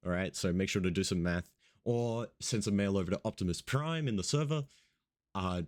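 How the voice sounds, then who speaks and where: Casual male radio host, just woken up, rambling and swearing, low-pitched. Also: normal speed. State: just woke up, yawning. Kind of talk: casual radio show chat.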